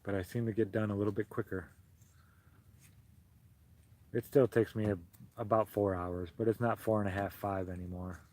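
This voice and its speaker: A soft-spoken, sentimental man hosting a casual livestream chat while he crochets and greets his viewers fondly. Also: on the low side, flat delivery, moderate pace, long pauses. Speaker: livestream host.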